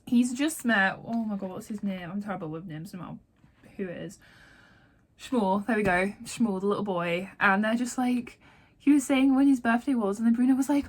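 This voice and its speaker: A woman's voice: a little high, expressive, normal speed. A woman from Yorkshire, giving a chatty book-reading update full of "like" and open feeling. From Yorkshire, England. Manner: chatty, heavy use of "like", openly emotional about the book. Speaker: book vlogger and author.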